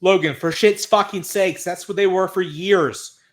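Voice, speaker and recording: Male podcast co-host, casual and exasperated, swears a lot, voice a bit on the high side. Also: unhurried. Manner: blunt, profane, exasperated recapping. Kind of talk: casual chat recapping wrestling.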